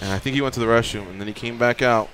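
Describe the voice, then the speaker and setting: A man's voice: mid-range voice, very fast, soft background music. A man co-hosting a radio show, telling a rambling story in casual chat, swearing and acting out what people said. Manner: animated, rambling, swearing, acts out quotes. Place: radio studio.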